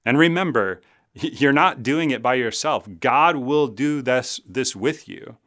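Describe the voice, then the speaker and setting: A male pastor giving a sermon in an earnest, conversational way. His pitch is mid-range. He slips into quick acted voices when he retells stories. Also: fairly bright tone.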